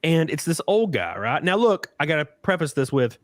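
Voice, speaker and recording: A man hosting a podcast in casual chat, telling profane, animated stories with acted quotes. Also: on the high side, moderate pace, dry recording. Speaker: podcast host.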